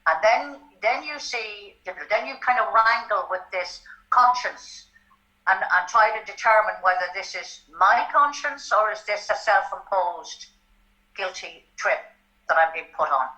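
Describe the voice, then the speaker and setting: An older Irish woman telling a personal story in an interview, animated and often checking in with "right?". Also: medium pitch, a little slow. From Ireland. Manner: animated, tag questions like "right?". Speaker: guest. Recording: dull lo-fi sound.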